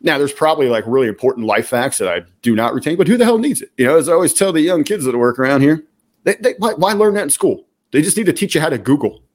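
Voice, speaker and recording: Man, slightly high voice, jokey, long-winded casual chat. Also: animated, fast talker. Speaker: podcast co-host.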